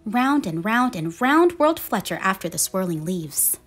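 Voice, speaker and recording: A woman reading a children's picture book aloud in a gentle, expressive storytelling manner. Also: medium pitch, moderate pace, few pauses, soft background music. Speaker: storybook reader.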